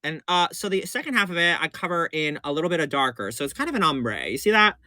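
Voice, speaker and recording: A man's voice: fairly high pitch, big pitch swings, fast, bright, forceful tone, dry recording, clean studio sound. A man who performs in drag, giving a campy, chatty makeup tutorial on a livestream and calling his viewers honey and baby. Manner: gushing and repetitive.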